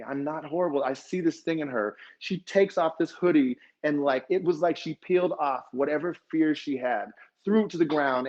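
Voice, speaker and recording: A man's voice: a little high, a little mellow, dull audio. A man, a fitness dance instructor, telling an emotional story at a conference and acting out the dialogue.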